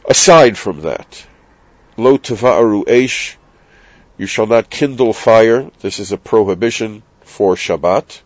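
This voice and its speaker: Slow, deliberate man teaching Torah. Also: fairly low pitch, animated, no echo. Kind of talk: Torah lesson. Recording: dull, dry, lo-fi sound.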